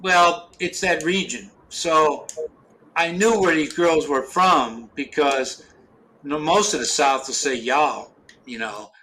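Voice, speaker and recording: A man's voice: fairly high pitch, takes it slowly, sharp tone. A middle-aged man from Ohio in casual chat, rambling with many restarts and fillers and casual swearing. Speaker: podcast host.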